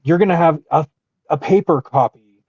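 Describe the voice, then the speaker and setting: Man, podcast co-host, gravelly, mellow, halting, opinionated, dull lo-fi sound. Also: on the high side, no echo. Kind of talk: casual podcast discussion.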